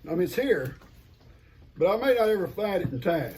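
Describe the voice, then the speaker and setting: A man's voice: high-pitched, sing-song, normal speed, a little mellow. An older man, chatting casually and folksily to camera while opening gifts and talking to his pets. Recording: noisy home recording.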